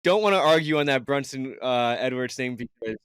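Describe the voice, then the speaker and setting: A man's voice: medium pitch, lively intonation, a little fast, a bit bright, clean tone, no room sound, studio quality. A man co-hosting a sports podcast, arguing bluntly in casual chat, swearing and saying "dude" often. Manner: argumentative, blunt, swears, says "dude" a lot. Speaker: podcast co-host.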